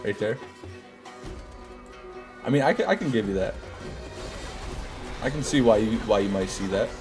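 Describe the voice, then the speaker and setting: A man's voice: lowish voice, lively intonation, moderate pace. A man hosts a game stream and talks loosely with his chat. His banter is sarcastic and full of jokes. Faint music plays underneath his voice. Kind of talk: casual live-stream commentary.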